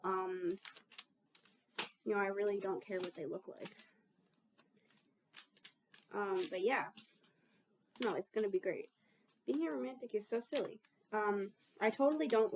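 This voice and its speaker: A woman's voice: mid-range voice, slight background noise. A young woman chatting casually while she bakes in her kitchen, rambling and mocking herself, swearing freely. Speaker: baking vlogger.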